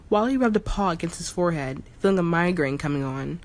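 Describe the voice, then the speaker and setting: A woman's voice: on the low side, fairly quick, hardly any pauses. Woman narrating a story aloud. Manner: steady storytelling with occasional slips and retakes. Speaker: audiobook narrator. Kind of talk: reading a fantasy story aloud.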